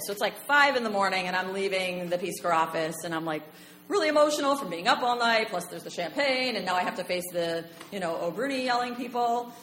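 A young American woman telling a personal story live on stage in a bar, chatty and animated, with many fillers. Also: mid-range voice, fast talker, slight background noise. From United States. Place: bar stage before an audience. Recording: echoey live room.

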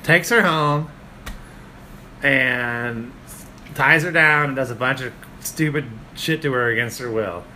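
Bright-voiced crude storyteller man. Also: mid-range voice, slow, long pauses, a little hiss or hum. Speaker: podcast co-host. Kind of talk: casual podcast chat.

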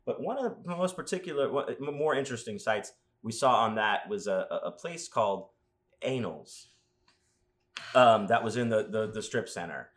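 A man chatting casually as a podcast host, telling rambling stories with crude jokes and animated asides. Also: medium pitch, normal speed. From Las Vegas. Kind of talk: casual chat.

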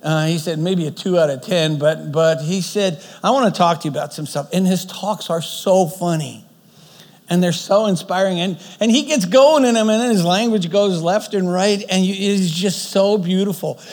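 A man's voice: high-pitched, normal speed, a little mellow, big-room sound. A man preaching a sermon, retelling a story earnestly, often restarting his phrases.

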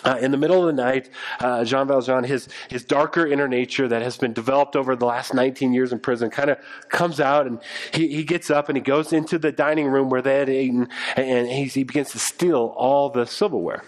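A man's voice: medium pitch, steady tone, brisk. A man preaching a sermon, retelling a story in a loose, conversational way full of fillers and restarts. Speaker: pastor.

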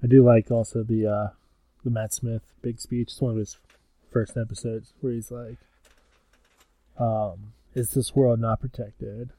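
A man's voice: medium pitch, flat delivery, warm tone, dry recording. A young American man hosting a podcast, chatting casually and joking, with frequent "um" fillers. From United States. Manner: joking, fills pauses with "um". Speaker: podcast host.

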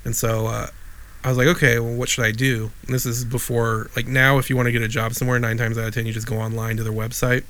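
He speaks fast in a monotone, medium-pitched voice with a slightly bright tone. This middle-aged co-host from Wheeling, Illinois, USA rambles through a casual podcast story, restarting often and dropping dry asides.

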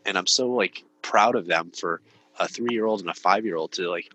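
A man in his thirties with a low but bright, forward voice tells stories earnestly. He rambles as he talks and leans on "like" over and over. He sounds like a guest in a casual podcast conversation. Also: brisk, a little hiss or hum, low-quality recording. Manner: earnest, rambling storyteller, heavy use of "like".

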